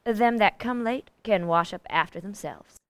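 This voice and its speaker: An actress playing a gruff, bossy, middle-aged hired cook who talks in a blunt, folksy way, in 1940s radio acting. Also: female voice, mid-range voice, moderate pace, dry recording, close to an everyday voice. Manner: blunt, folksy, ordering people about.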